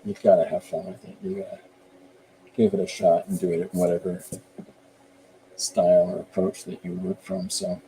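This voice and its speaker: Older-ish artist guy, rambly easygoing chat while he draws, low, really dark mellow voice. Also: flat delivery, normal speed, long pauses, a little hiss or hum, poor audio. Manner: rambling and easygoing, explaining his work as he goes. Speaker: artist and show host. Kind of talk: casual chat while drawing live.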